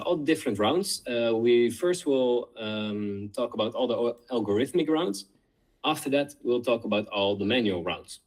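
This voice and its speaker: A man in his twenties from the Netherlands, a student giving a relaxed presentation, rambling and full of uh's. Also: medium pitch, low-quality recording. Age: 20s. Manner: relaxed, filler-heavy, rambling. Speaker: guest presenter. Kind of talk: casual presentation.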